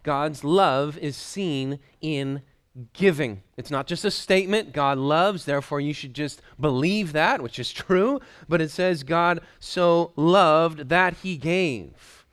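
A man preaching a sermon in an earnest, emphatic way, repeating key phrases and letting his voice drop low at the ends of lines. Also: slow, a bit bright, clean tone.

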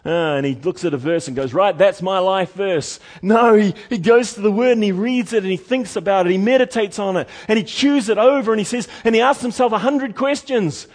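High-pitched male pastor preaching, folksy, goes loud then real quiet. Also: fairly quick, few pauses. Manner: folksy, repeats words, swings from loud to hushed. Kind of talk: sermon.

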